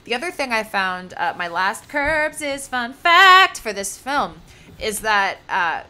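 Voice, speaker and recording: A woman's voice: on the high side, very animated, slow, sharp tone, smooth. A woman co-hosting a casual podcast discussion, talking emphatically and often saying "like" and "you know.". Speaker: podcast co-host.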